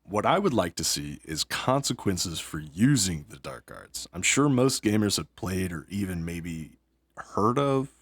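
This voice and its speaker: A man's voice: low-pitched, big pitch swings, unhurried, hardly any pauses, a bit bright, slightly rough, no room sound. A man and father talking casually about a video game, rambling, tripping over his words and laughing at himself. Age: adult with young kids. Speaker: gaming YouTuber. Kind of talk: casual gaming commentary.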